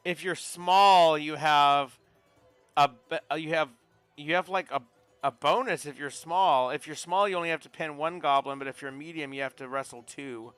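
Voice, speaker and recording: A man's voice: on the high side, moderate pace, fairly bright tone, clear, resonant tone, no room sound, soft background music. A man running a tabletop game as game master, chatty, checking rules aloud with stumbles.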